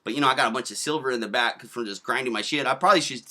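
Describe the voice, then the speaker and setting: A man's voice: medium pitch, racing, pushed and bright. A man in his thirties giving casual, rambling video commentary, slangy and profane, full of fillers. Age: 30s.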